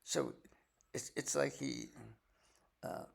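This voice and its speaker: Gravelly older grandfather reading scripture. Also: mid-range voice, slow pace. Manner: folksy, chatty asides. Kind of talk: bible reading with casual commentary.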